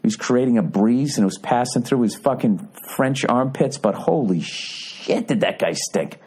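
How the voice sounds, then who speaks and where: A man's voice: mid-range voice, expressive, moderate pace, darkish tone, breathy edge. A man in his forties hosting a podcast, telling a rambling story in a profane, mock-indignant rant. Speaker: podcast host. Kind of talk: casual comedic monologue.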